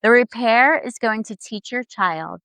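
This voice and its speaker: A woman child therapist hosting a show, giving scripted parenting advice in a calm, gentle, measured way. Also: a little high, clean tone, dry recording, rough recording. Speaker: child therapist and podcast host.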